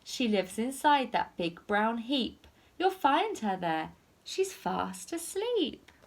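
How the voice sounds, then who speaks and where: Sly fat hen from a picture book, slow drawl, teacher lady doing it. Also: on the high side, sing-song, slight background noise, heavily acted. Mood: crafty. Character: fat red hen, crafty.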